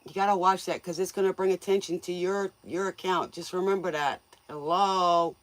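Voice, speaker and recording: A woman's voice: fairly low pitch, steady tone, normal speed, no echo. A woman hosting a tarot livestream, chatting casually with viewers in a folksy, joking way, often laughing and playfully scolding them.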